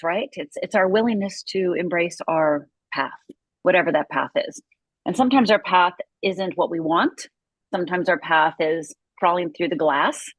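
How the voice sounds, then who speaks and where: In an interview, a middle-aged guest from Upper Michigan, USA, shares her personal life story vividly and intensely. She has a lowish voice, and the recording has no echo but is rough.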